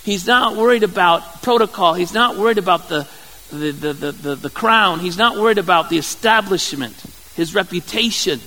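Male pastor, high voice, sermon delivery, conversational and halting; reverberant hall. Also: animated, bright, forceful tone. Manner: conversational, halting, repeats words.

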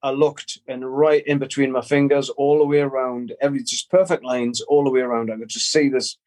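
A middle-aged man, a guest in an interview, telling a personal story in a halting way, repeating words and swearing casually. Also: medium pitch, level tone, a little mellow. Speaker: guest musician.

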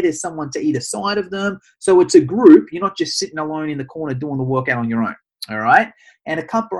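Fitness trainer, husky voice, chatty, keeps checking "okay?". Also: male voice, mid-range voice. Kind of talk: casual instructional talk.

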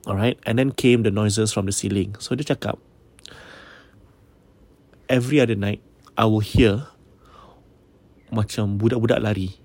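A man's voice: fairly low pitch, fairly even intonation, normal speed, long pauses, darkish tone, no room sound. A man casually telling a ghost story, mixing English with Malay and often checking in with his listeners.

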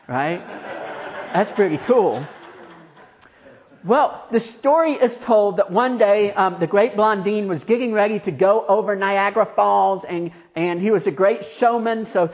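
A man preaching a conversational, storytelling sermon, asking his listeners questions and dropping quiet for emphasis. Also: high-pitched, measured pace.

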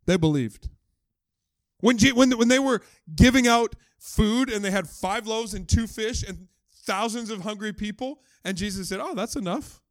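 Guy pastor preaching, high voice, jokey and animated, dry close sound. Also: moderate pace, no room sound. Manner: animated, joking, acts out quoted voices. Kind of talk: conversational sermon.

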